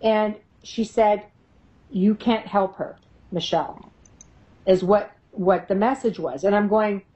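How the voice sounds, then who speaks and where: A middle-aged woman, a paranormal investigator, spins animated stories in an interview, laughing often and slipping into the voices of the people she quotes. She speaks at an ordinary pitch for a woman. The recording sounds a little muffled. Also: slow. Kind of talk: casual storytelling in an interview.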